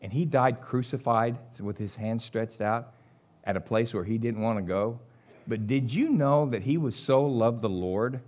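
A middle-aged man, preaching a sermon as an animated storyteller who chuckles along. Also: medium pitch, measured pace.

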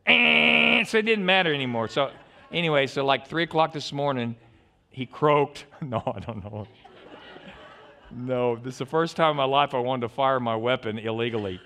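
A middle-aged male pastor preaching a sermon in an animated, digressive way, swinging from loud outbursts to hushed stretches. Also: mid-range voice, moderate pace.

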